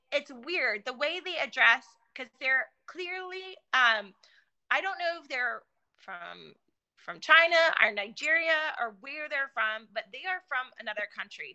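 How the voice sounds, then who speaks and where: A woman in casual conversation, telling animated stories with many fillers and restarts. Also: high-pitched, muffled recording. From California. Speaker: guest.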